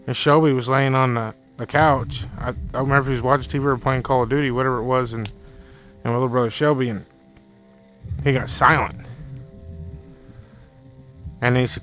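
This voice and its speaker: On a rough recording, a young man with a mid-range voice recounts a frightening experience in casual talk, fairly quick but with long pauses. He rambles and repeats himself, quoting his friend excitedly, while music plays faintly behind.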